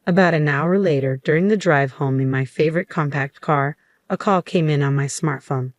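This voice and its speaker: A woman narrating a story in an even, unhurried scripted delivery. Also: sits low, no echo.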